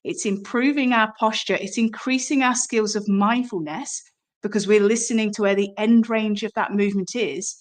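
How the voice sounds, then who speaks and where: A middle-aged woman, a somatic movement teacher, talking directly to listeners in an encouraging, chatty way and asking them questions. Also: fairly high pitch. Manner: warm, encouraging direct address with rhetorical questions. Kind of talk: podcast-style promotional talk.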